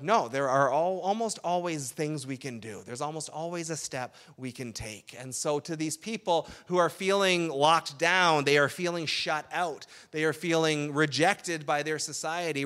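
A man's voice: a little high, fairly bright tone. A man giving a sermon as pastor, talking in a conversational way with frequent "right?" asides.

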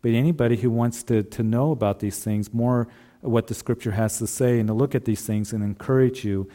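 Earnest pastor, mellow voice. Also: male voice, mid-range voice, steady tone, a little fast. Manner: earnest, repeats phrases, addresses husbands directly. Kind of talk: sermon.

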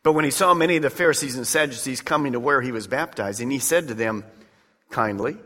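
A man's voice: medium pitch, fast talker, bright, forceful tone. A man preaching a sermon as pastor, talking emphatically and conversationally with direct appeals to his listeners. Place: church sanctuary. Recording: long reverb of a large church hall.

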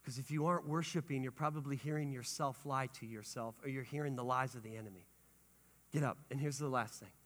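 A male pastor preaching a sermon with lively energy, rising to shouts and dropping to hushed tones. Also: mid-range voice, fairly quick. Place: church sanctuary. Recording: long hall reverb.

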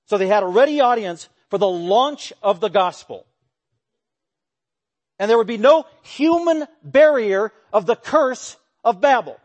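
A male pastor preaches with animated emphasis, his voice pitched a touch above the usual for a man. He swings between quiet explanation and sudden raised bursts, sometimes mimicking the voices he quotes. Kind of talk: expository sermon.

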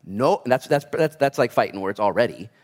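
A man preaching a casual, conversational sermon, animated and joking as he acts out the voices of people in his stories. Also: mid-range voice, moderate pace. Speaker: pastor.

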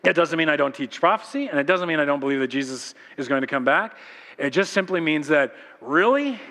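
A man's voice: on the high side, a little fast, long reverb tail. A man preaching a sermon as pastor, telling stories animatedly and acting out voices. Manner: animated storytelling, acts out voices. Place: church sanctuary.

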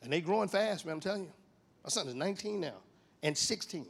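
Animated fifty-year-old man preaching. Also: fast talker, vocal fry, slightly rough. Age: 50s. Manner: animated storytelling with wide swings in pitch and volume. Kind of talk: sermon.

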